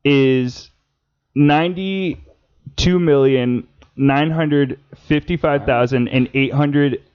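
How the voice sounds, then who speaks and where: A man in his twenties chatting on a podcast as co-host, excitable, swearing and restarting his sentences. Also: mid-range voice, takes it slowly, smooth. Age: 20s. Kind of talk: casual chat. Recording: dull lo-fi podcast audio.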